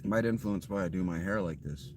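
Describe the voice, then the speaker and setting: Male gaming streamer, deep-leaning voice, deadpan profane chatter over steady background noise. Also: brisk. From Ohio. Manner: dry, offhand, profane. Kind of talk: casual live game commentary.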